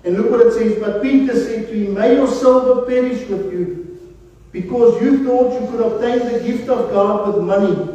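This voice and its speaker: A man preaching in a high voice, dark and mellow in tone. He keeps calling the congregation beloved. The sound is dull, with long reverb from a large room and the voice far from the mic. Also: moderate pace. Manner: preaching, repeatedly addressing listeners as beloved. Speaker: pastor. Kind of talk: sermon.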